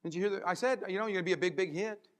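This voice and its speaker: A man giving a keynote as a motivational speaker, animated and acting out little scenes and voices. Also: sits high, very fast, big-room sound. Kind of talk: keynote speech. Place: large conference hall.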